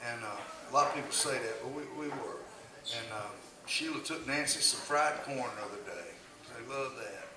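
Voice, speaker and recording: A man's voice: medium pitch, moderate pace. An older man telling casual, laughing stories about his years as a country singer. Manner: folksy, laughing, drawling storyteller. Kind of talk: casual storytelling. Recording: echoey, distant, noisy live room.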